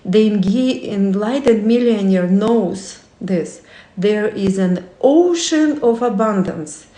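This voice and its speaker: A woman hosts a casual talk in a warm, animated, mid-range voice, taking her time as she reads from a book and poses reflective questions to the listener. Her English has non-native phrasing and she often corrects herself, with a roomy echo around her.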